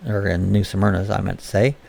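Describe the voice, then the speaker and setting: A man's voice: low voice, level tone, fast, creaky, dark tone, a little hiss or hum. A man from Florida hosting a casual live-stream chat, reading viewers' comments aloud and answering them in a chatty way.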